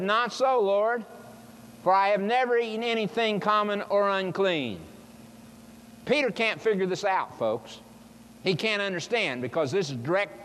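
A man's voice: high voice, a bit bright. A man preaching a sermon, explaining scripture with emphatic rhetorical questions put to his listeners. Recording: long hall reverb, faint noise.

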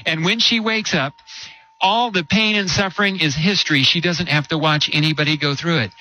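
A man preaching a sermon, telling a story with rhetorical questions and slowing down to stress key words. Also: on the high side, bright, forceful tone, low-quality recording. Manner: storytelling with rhetorical questions and slow emphatic drops.

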